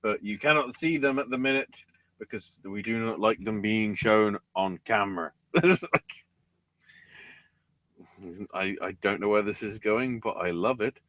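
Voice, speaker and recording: A man's voice: lowish voice, a little slow, fairly bright tone, no room sound. A man co-hosting a podcast, recapping wrestling shows with sarcasm and plenty of swearing. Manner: sarcastic, profane, mocking recaps. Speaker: podcast co-host. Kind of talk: casual podcast banter.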